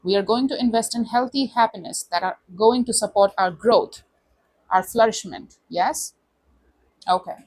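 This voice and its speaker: A woman reads tarot cards out loud in a relaxed, conversational way. She talks straight to her viewer, often calls them honey, and puts their feelings into first-person quotes. Her voice sits at a middle pitch. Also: normal speed, poor audio. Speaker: tarot reader. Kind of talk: casual tarot reading monologue.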